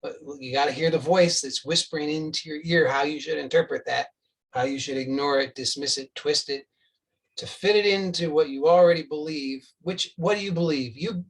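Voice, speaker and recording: A man's voice: a little high, a bit bright, recorded from a distance, poor audio. A man giving an earnest, insistent spiritual talk, often restarting phrases and acting out imagined dialogue with the listener. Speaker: spiritual teacher.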